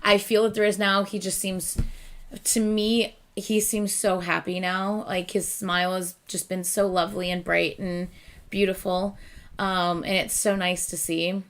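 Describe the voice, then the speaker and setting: Earnest woman reacting with halting speech. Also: medium pitch, little pitch movement. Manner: earnest and emotional, halting with many restarts and fillers. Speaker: reaction video host. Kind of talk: casual reaction commentary.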